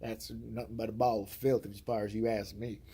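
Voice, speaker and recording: A man's voice: on the low side, flat delivery, moderate pace, dark tone, breathy edge, pitched below the performer's own voice. A man putting on his crude, foul-mouthed redneck trucker brother in a comic impression, blustering and scolding with nonstop profanity.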